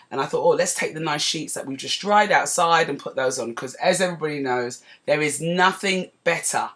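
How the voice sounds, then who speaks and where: A woman hosting a podcast, telling a personal story in a chatty, digressive way that turns animated as she relives it. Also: low voice. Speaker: podcast host. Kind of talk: casual storytelling monologue.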